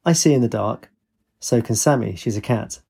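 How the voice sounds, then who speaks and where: A man voicing a dry, aloof young female student with a deadpan, condescending manner. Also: medium pitch, normal speed, creaky, husky.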